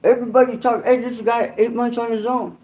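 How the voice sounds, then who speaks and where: A man's voice: extremely high pitch, little pitch movement, fairly quick, a little mellow, lo-fi sound, voice pushed up. A man putting on the voice of his big, burly uncle, who talks in clipped, broken slang. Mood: amazed.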